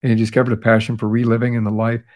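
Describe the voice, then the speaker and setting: A man's voice: mid-range voice, completely flat delivery, rapid-fire, a little mellow. A man hosting a podcast, recapping past episodes in a casual chat with fillers and restarts, sounding tired. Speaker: podcast host.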